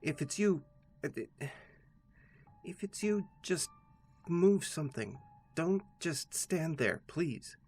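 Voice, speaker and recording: A man's voice: on the high side, expressive, unhurried, long pauses, soft background music, pitched above the performer's own voice. A man voicing a frightened young woman. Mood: nervous. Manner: panicked, stammering, pleading.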